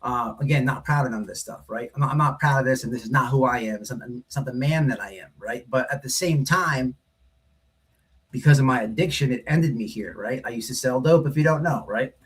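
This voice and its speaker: A man's voice: mid-range voice, brisk. A man hosting a livestream, telling a story in a blunt, rambling way, full of profanity and repeated "right?". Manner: rambling, repeats himself, says "right?" often. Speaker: livestream host. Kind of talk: casual storytelling monologue.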